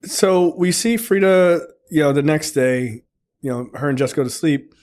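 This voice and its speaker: A man co-hosting a film podcast, retelling the plot in a casual, filler-heavy way and jumping into high voices when he quotes the characters. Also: normal speed, darkish tone. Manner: profane, filler-heavy storytelling.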